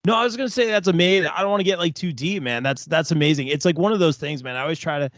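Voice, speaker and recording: A man's voice: fairly high pitch, a bit bright, no echo. A man as a guest in a casual interview, talking earnestly and ending phrases with "man". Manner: fast, keeps saying "man", earnest. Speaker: guest, wrestling commentator.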